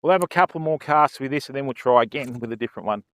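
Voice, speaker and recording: A man's voice: medium pitch, lively intonation, very fast, fairly bright tone, no echo, clean studio sound. An older Australian man chatting casually on a fishing livestream outdoors by a river, greeting viewers and often adding "mate" and "you know".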